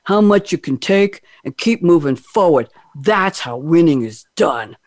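The host lowers into a tough, plainspoken aging boxer, talking in a put-on street accent with a dry, close sound. The attempt is self-conscious, a quoted movie line done for fun. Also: lively intonation, unhurried, dry recording, close to an everyday voice. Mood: gritty. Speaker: host doing an impression.

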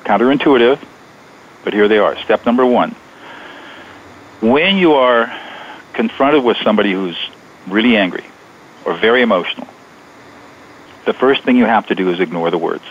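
A man being interviewed as a guest author on radio, explaining his method in a measured, step-by-step way. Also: lowish voice, slight background noise. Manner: measured, explanatory, steps through points. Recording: dull lo-fi radio sound.

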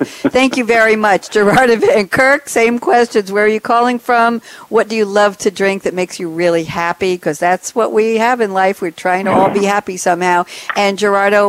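A woman's voice: lowish voice, dry recording, poor audio. A woman hosting a radio panel show, chatty and effusive, laughing easily between guests. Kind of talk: lively hosted panel talk.

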